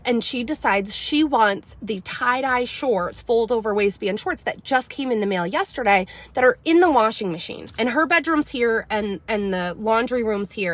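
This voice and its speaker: Animated mom telling a story. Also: female voice, medium pitch. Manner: animated, rising loud when quoting herself scolding. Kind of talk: casual storytelling livestream.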